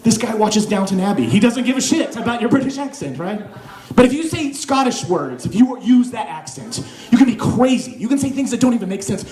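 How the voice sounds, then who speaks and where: Young male comic from Oklahoma, high voice, lively, mock voices between bits, crowd laughing in an echoey club. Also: fairly quick. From Oklahoma, USA. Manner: animated, swings into mock accents and silly voices. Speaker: stand-up comedian. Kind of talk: stand-up comedy set. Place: comedy club stage with live audience. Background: audience laughing.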